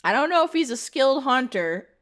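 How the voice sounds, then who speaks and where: A woman's voice: high voice, big pitch swings, brisk, fairly bright tone. A woman VTuber streamer in playful live-stream roleplay chat, reading chat submissions aloud and laughing often.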